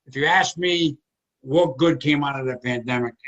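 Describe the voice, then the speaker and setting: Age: 60s. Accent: Italian-American. Role: comedy host. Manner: rambling, reminiscing. Sound: dull video call audio. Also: male voice, medium pitch, moderate pace. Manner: reminiscing, rambling and warm-hearted. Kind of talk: casual chat on a video call.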